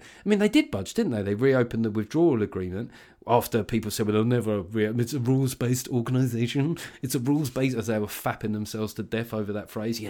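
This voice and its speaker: A man's voice: medium pitch, a little mellow. A man hosting a podcast in loose, casual political chat, swearing freely and laughing often. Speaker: podcast host.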